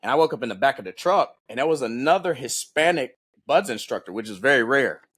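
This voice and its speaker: Male podcast guest, husky tone, animated and profane storyteller. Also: mid-range voice, fast. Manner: animated, profane, acts out voices in his stories. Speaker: podcast guest, former Navy SEAL. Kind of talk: casual storytelling in an interview.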